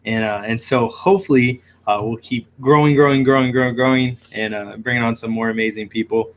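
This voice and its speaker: A man's voice: mid-range voice, fairly even intonation, fairly quick, a little hiss or hum. A man who runs a shrimp shop, hosting a casual livestream with lots of fillers as he reads viewer comments aloud. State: hiccuping.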